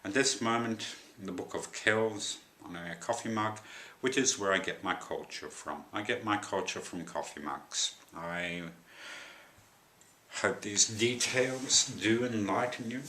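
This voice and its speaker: A man with a low voice tells a personal story to camera, wandering off into dry, wry asides. His tone is bright and forceful despite the depth, and the sound rings around an echoey room. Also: unhurried, a little hiss or hum.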